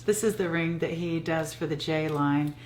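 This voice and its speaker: A woman's voice: low-pitched, moderate pace. A woman hosting a casual chat, encouraging her guest as she interviews him. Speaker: host. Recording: roomy with faint noise.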